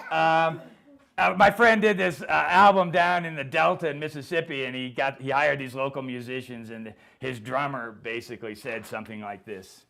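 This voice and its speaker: A man, a poet, giving a live humorous poetry reading with deadpan, rhythmic comic delivery. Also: fairly high pitch, creaky.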